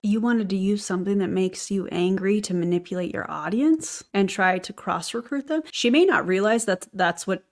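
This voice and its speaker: A woman's voice: mid-range voice, moderate pace, few pauses. Sarcastic woman doing commentary. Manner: sarcastic, blunt. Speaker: anti-MLM commentary host. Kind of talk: reaction commentary.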